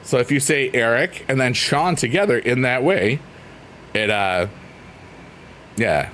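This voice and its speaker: A man's voice: mid-range voice, unhurried, fairly bright tone, slight background noise. A man casually chatting on a livestream, reading out chat messages in a rambling, playful, teasing way. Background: faint piano music.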